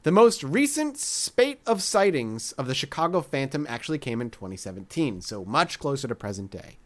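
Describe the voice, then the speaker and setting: A man's voice: medium pitch, very animated, moderate pace. A man hosting a podcast, reading a story aloud with jokey asides in casual chat. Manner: jokey, reads quotes with asides. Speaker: podcast host.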